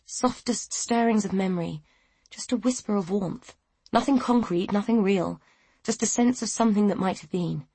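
A woman reading a novel aloud in a measured, even storytelling manner. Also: mid-range voice, slightly rough, dry recording. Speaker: audiobook narrator. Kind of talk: scripted narration.

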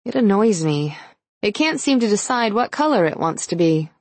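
Narrator doing a sharp-tongued young woman for an audiobook, sarcastic retorts, husky grain. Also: mid-range voice, sing-song, dry recording, voice pushed up. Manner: sarcastic, quick-witted.

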